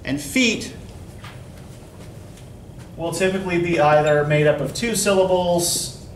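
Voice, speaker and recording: In this classroom lecture, a man teaching college poetry speaks slowly in a high-pitched voice, frequently tossing a "right?" to his students as he explains. He's an English instructor, heard from a distance in an echoey room with faint background noise.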